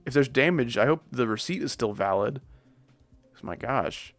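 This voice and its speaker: A man's voice: medium pitch, animated, normal speed, dry recording, faint music behind. A man streaming casual gaming commentary, rambling and joking at his own expense. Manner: rambling, jokey, self-deprecating.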